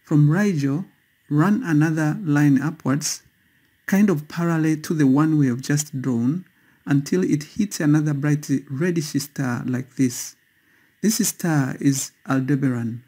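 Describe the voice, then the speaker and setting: Slow, mellow-voiced man narrating a sky guide. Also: a little high. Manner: slow, careful, instructional. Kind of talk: scripted voice-over narration.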